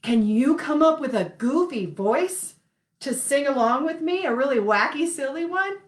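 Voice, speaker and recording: A woman's voice: high voice, lively intonation, normal speed. A young woman hosting a playful children's sing-along class, encouraging and laughing often. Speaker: children's music class host. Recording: roomy echo.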